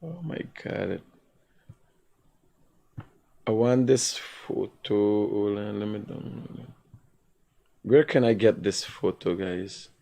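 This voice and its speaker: Fairly low and gravelly, a Guyanese Creole-accented man speaks slowly with long pauses as he hosts a live stream. His loose commentary is animated, marked by ranting and bursts of laughter.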